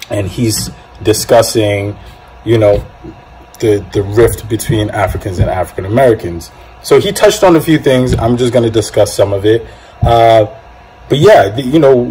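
Brief: low-voiced male host from Nigeria, thoughtful, halting commentary. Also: a little mellow, slight background noise, poor audio. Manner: measured, reflective, halting restarts. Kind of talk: casual commentary.

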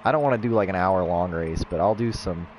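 A man streaming a racing game, chatting casually with viewers and bursting into excited race calls. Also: low-pitched, fast, slight background noise. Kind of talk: casual livestream chat with race commentary. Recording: game sound in the background.

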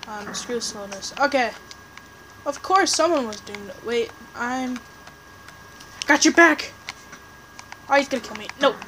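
A woman chatting through a game session as commentator, rambling and excitable, tossing jabs at other players. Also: fairly high pitch, noisy background. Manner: rambling, excitable, trash-talking teammates; restarts and fillers, chatty. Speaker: gameplay commentator. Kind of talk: casual live game commentary.

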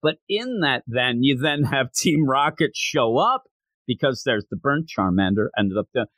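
A man co-hosting a podcast, chatting casually and excitedly as he reviews a manga chapter and acts out lines from it. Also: medium pitch, moderate pace, dry recording. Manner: animated, excitable storyteller acting out quotes. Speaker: podcast co-host.

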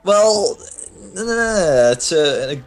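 A man's voice: sits high, big pitch swings, slow. A man in a guest commentator role, chatting and teasing the others while a game plays. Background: faint game music.

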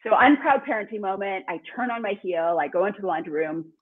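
A woman guest, an author and speaker, telling a lively story in conversation over a remote call. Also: mid-range voice, fast talker, husky. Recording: tinny phone-line sound.

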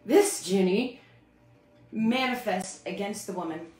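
Animated woman telling her testimony. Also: mid-range voice, takes it slowly, roomy sound, faint music behind. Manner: animated storytelling. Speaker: speaker sharing her testimony. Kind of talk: personal testimony on a livestream.

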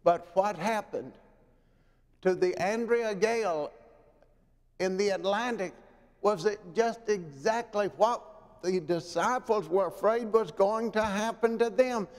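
A man preaching a sermon in a church, dramatic, moving from loud pleading to hushed, quiet lows. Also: slow. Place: church sanctuary. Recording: long reverb of a church hall.

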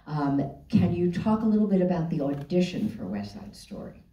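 A woman moderator asking measured, encouraging questions in an onstage interview. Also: on the low side, sing-song, warm tone. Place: theater stage. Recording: echoey theater, distant dull mic.

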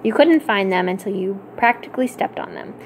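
A woman reading a children's novel aloud for a library storytime, in an expressive, clear storytelling manner. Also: mid-range voice, a little fast, slight background noise.

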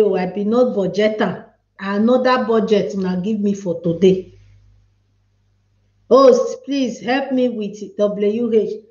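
A woman with a Nigerian Pidgin English accent hosts a livestream, chatting, laughing, and calling out viewers by name. Her voice sits on the high side and is a little mellow. The room is echoey and the sound dull and lo-fi.

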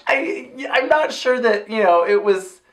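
A woman's voice: a little high, lively intonation, unhurried, a bit bright. A woman co-hosting a podcast in casual chat, mostly laid-back with short agreeing replies and dry remarks. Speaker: podcast co-host. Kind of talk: casual chat reviewing a TV episode.

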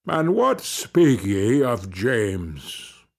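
A man's voice: medium pitch, sing-song, very slow, gravelly, a little mellow, full character voice. A man voicing an aged, ghostly Puritan champion who speaks with solemn, stern command in archaic words. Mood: stern prophetic.

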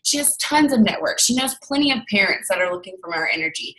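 A young woman gives a chatty, candid motivational talk to her sales team and acts out the conversations she tells. Her voice is very bright and of middling pitch. She sits slightly back from the microphone. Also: animated, quick pace, hardly any pauses, distant mic, rough recording. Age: young adult. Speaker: network marketing team leader.

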